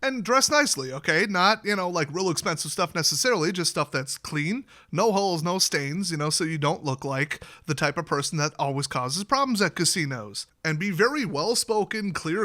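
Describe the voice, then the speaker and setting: A man giving casual casino advice, rambling and chatty in deliberately clear, well-spoken diction, acting out quoted dialogue with sudden high jumps in his voice. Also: sharp tone.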